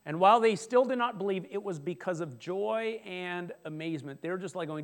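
A man preaching a sermon, animated and conversational, with frequent restarts and asides to the congregation. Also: high voice, a little fast, hardly any pauses. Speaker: pastor.

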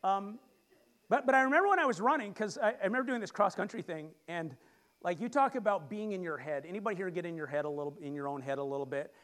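High-voiced man preaching a sermon. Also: fast. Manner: animated, jokes with the congregation and leads call-and-response. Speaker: pastor. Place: church sanctuary.

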